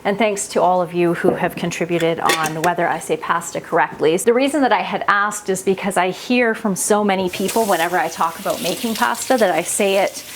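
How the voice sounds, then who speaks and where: A woman's voice: fairly low pitch, brisk, few pauses, background noise. A woman with a Canadian accent chatting casually as she cooks in her home kitchen, laughing easily and thinking aloud. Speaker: home cooking vlogger. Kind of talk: casual cooking chat.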